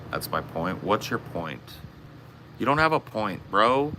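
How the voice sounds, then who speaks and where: A man's voice: lowish voice, big pitch swings, unhurried, sharp tone, a little hiss or hum. A man from the US West Coast ranting on his livestream, brash, profane and trash-talking. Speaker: streamer. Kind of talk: casual livestream rant.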